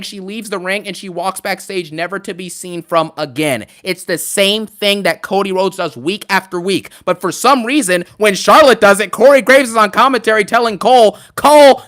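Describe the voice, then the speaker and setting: A man hosting a live stream, ranting in an animated, sarcastic and emphatic way. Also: high voice.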